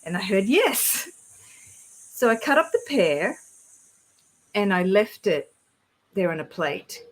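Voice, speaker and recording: A woman telling of spiritual experiences in a casual conversation, earnest and rambling, and quick to get excited. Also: medium pitch, low-quality recording. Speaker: guest sharing spiritual experiences.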